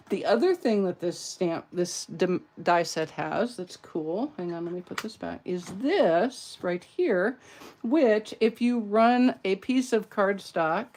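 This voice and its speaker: A woman's voice: on the low side, darkish tone. A middle-aged woman from California with a Southern accent, demonstrating card crafts in a playful, chatty, self-deprecating way at her crafting table. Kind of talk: live craft tutorial.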